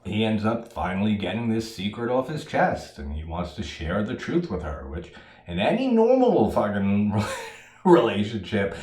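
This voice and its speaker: A man giving a casual solo movie review, profane and animated, laughing at his own jokes. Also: fairly low pitch, reverberant.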